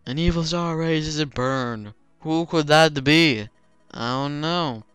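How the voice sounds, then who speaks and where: Dude reading an old prophet guy, super slow and dragged out, faint game music behind. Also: a little high, fairly bright tone, clear, resonant tone, no room sound. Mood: solemn. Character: old male sage foretelling doom.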